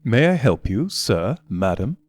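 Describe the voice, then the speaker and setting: A male audiobook narrator voicing a butler who speaks with slow, deliberate, condescending politeness, pitched above his usual voice. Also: sing-song, darkish tone.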